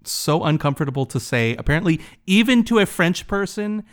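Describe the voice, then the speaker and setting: A man's voice: a little high, sing-song, fairly quick, clear, resonant tone. A man hosting a casual interview, asking curious, easygoing questions. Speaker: podcast host.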